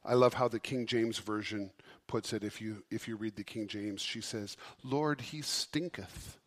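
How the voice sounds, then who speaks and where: A man preaching a sermon as pastor, impassioned, swinging from loud emphasis down to a soft hush. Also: lowish voice, flat delivery, moderate pace, slight background noise.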